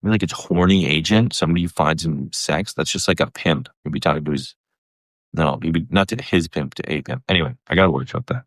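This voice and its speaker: A comedian hosting a casual solo podcast, animated and profane, jumping his voice around to act out what people said. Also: quick pace, dry recording. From Canada. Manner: animated, profane, acts out quoted voices with big pitch jumps. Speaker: comedian host.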